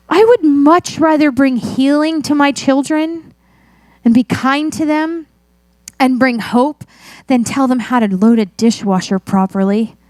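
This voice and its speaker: A woman's voice: sits high, a little mellow, dry recording. A middle-aged woman pastor preaching a sermon in a chatty, self-mocking storytelling way.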